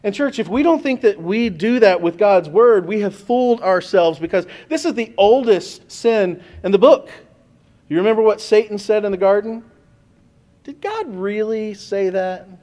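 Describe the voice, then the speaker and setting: A man's voice: sits high, darkish tone. A pastor preaching a sermon to his congregation in a conversational way, speaking straight to the church.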